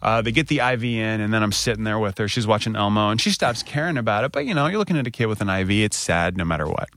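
A man in his thirties with an American accent, co-hosting a podcast and telling a personal story candidly, getting animated when he quotes people. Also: on the low side, very fast. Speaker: podcast co-host. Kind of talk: casual storytelling chat.

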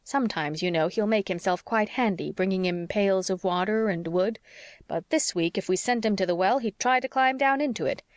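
A woman reading the part of a sharp-tongued older spinster neighbour in an audiobook, blunt and scolding. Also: medium pitch, moderate pace, no echo, studio quality, natural voice. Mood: scornful.

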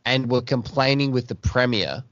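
A man's voice: mid-range voice, normal speed, a bit bright, no room sound. Australian man, podcast host, exasperated rant, dry close sound, muffled lo-fi audio. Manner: exasperated ranting with swearing. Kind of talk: casual podcast chat.

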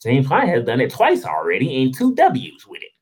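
A man at a solo mic, ranting about basketball with a wildly animated, swooping voice. He is heated and sarcastic, firing off rhetorical questions in slangy, informal talk, at a middling pitch. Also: a little fast, husky, rough recording. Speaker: sports show host. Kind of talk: sports commentary rant.

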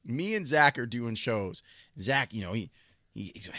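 A man who hosts sports radio, chatting casually with another host and telling lively stories. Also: mid-range voice, normal speed, no room sound. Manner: lively, conversational storytelling.

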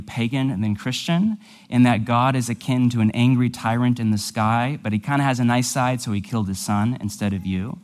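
A man delivering a teaching sermon, walking through ideas step by step. He speaks at a mid pitch and keeps it conversational, dropping in casual asides as he explains. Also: a little mellow. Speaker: pastor.

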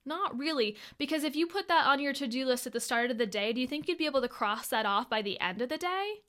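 A young woman coaching a live online training. Her voice sits fairly high, and her delivery is upbeat and friendly. She talks straight to her listeners, step by step. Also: a bit bright. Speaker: host.

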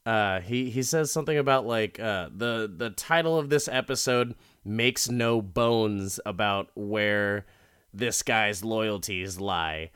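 A young man talks through a TV episode in a loose, rambling way, cursing freely and slipping into short impressions of the characters. His delivery is slow and unhurried, and his voice comes across smooth and clear. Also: lowish voice, a bit bright. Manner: rambling and profane, acting out characters in quick impressions. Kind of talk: casual episode recap.

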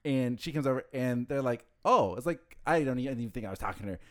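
Young male co-host, quick, expressive, profane, casual. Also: medium pitch. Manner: animated storyteller, swears freely, quick and expressive. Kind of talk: casual chat.

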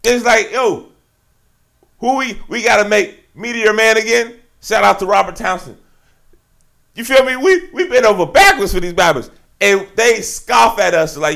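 Animated, gravelly-voiced man ranting. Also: high voice, moderate pace. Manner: slangy, animated ranting with frequent asides. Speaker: podcast host. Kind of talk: solo sports podcast monologue.

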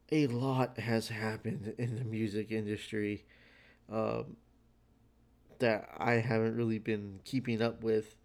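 A tired man talks through a casual solo podcast episode. He rambles loosely, restarting sentences and leaning on fillers. His voice sits at an ordinary middle pitch. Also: darkish tone. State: tired, yawning. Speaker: podcast host.

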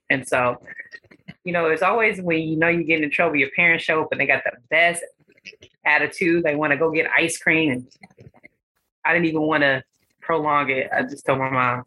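A woman with a bright, slightly husky voice chats on a podcast as a guest. She tells stories with flair and acts out the voices of the people in them. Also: sits low, moderate pace, rough recording. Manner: animated storyteller, acts out voices in her stories. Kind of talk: casual podcast chat, storytelling.

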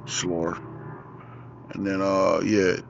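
Out in the open with four-wheelers going past, a young man on his own podcast tells a story in energetic, cuss-filled street slang. His low voice runs a little slow, with vocal fry. Faint vehicle noise comes through the dull, lo-fi recording.

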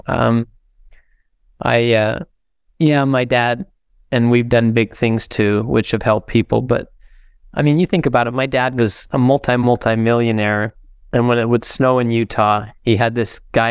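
A man in his sixties, a podcast guest, telling heartfelt stories in an earnest, halting way with many fillers. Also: medium pitch, creaky, clear, resonant tone, dry recording, studio quality. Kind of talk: conversational storytelling.

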